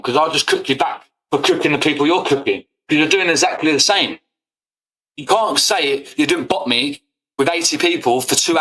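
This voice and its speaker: A man's voice: on the high side, sharp tone. A man ranting to camera on his football fan channel, confrontational and full of swearing. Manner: confrontational, swearing, repetitive "yeah?". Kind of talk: angry rant to camera.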